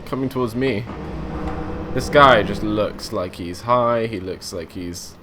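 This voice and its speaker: A man's voice: lowish voice, takes it slowly, background noise. A young man giving casual, rambling commentary while playing a train simulator, thinking aloud and often restarting his sentences. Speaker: let's play gamer.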